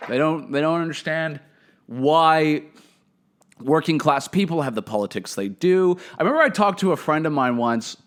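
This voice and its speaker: A young man telling profane, animated stories as a podcast host, swinging between loud outbursts and muttered asides. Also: mid-range voice. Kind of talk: casual comedic storytelling.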